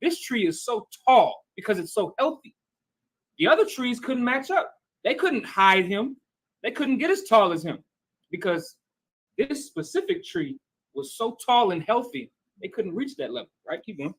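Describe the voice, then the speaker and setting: High-voiced man teaching scripture. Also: big pitch swings, moderate pace, gravelly, slightly rough, low-quality recording. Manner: conversational, keeps checking with "right?" and calling on readers. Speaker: bible class teacher.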